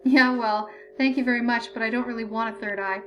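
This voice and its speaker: An exasperated, put-upon young male student, voiced by a woman reading the story. The voice sits high and is read in an everyday tone. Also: steady tone, fairly quick, highs cut off, slight background noise, close to an everyday voice. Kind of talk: audiobook character voice.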